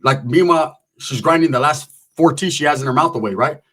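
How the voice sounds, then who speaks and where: A man's voice: fairly high pitch, fairly quick, a bit bright, slightly rough. A man telling a crude personal anecdote in a casual, rambling way, full of slang and profanity, with the other people's voices acted out in the quotes. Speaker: storyteller.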